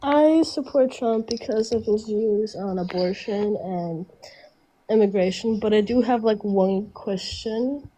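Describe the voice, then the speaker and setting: A woman's voice: medium pitch, unhurried, warm tone, a little hiss or hum, poor audio. An eighteen-year-old woman calling in to a live debate stream, stuffy from being sick and hesitant, with many ums. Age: teens. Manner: hesitant, filler-heavy. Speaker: caller. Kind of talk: casual call-in debate.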